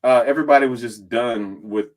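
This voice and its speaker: A man's voice: mid-range voice, brisk. A man casually recapping events as a podcast guest, swearing freely and acting out what others said. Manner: animated and profane, acting out others' lines in quotes. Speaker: reality competition contestant and guest.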